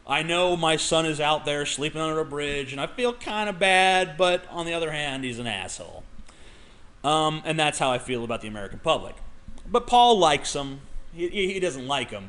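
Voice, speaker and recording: A man's voice: fairly high pitch, animated, moderate pace, fairly bright tone. A man ranting in a casual vlog. He argues in a heated, profane way and often stammers and restarts. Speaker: vlogger.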